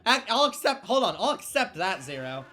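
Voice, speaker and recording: Brief: male game streamer, bright ringing tone, quick giggly banter, reads chat aloud. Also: high voice, very animated, slight background noise. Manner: laughing, self-interrupting, reads chat aloud. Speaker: stream co-host. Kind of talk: casual gaming stream banter.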